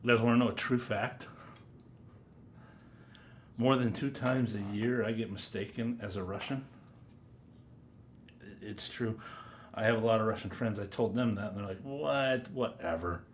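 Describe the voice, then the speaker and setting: A man giving a casual, rambling first-impressions review of perfumes, chatty and drifting into quiet mutters as he sniffs. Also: lowish voice, fairly even intonation, moderate pace, long pauses, slight background noise. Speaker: fragrance reviewer.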